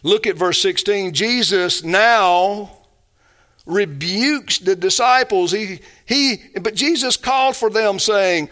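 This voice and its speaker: A man preaching a sermon as a pastor, emphatic, swinging between hushed and raised delivery. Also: high-pitched, slow pace.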